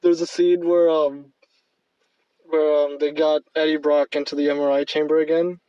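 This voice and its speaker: A man's voice: on the high side, flat delivery, normal speed, clear, resonant tone, no room sound, recorded from a distance, muffled recording. A man co-hosting a podcast, chatting casually about movies in a rambling way with many fillers. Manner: rambling, lots of fillers and laughs. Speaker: podcast co-host. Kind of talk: casual movie review chat.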